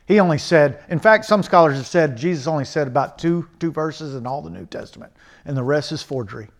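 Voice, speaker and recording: Emphatic preacher, higher-pitched man. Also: a little fast. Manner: emphatic, swings between loud exhortation and quiet earnest asides; mocking rhetorical questions. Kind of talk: sermon.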